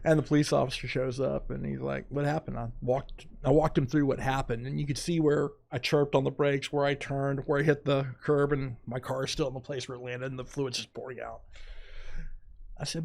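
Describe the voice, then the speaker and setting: Gravelly-voiced man telling a dramatic story. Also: mid-range voice, brisk. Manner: animated, dramatic retelling with quoted asides. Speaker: podcast guest. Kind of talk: casual storytelling.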